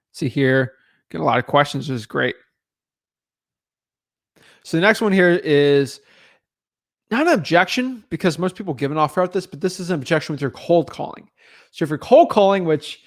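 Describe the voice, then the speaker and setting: A young man giving a live, conversational sales training talk as a real estate wholesaling coach, energetic and repetitive. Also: on the high side.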